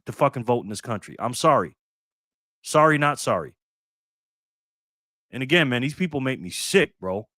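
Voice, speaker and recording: A man with a fairly bright, mid-range voice hosts a casual live stream, recorded clean in a studio with no room sound. He rants bluntly, swears often, and thanks viewers by name.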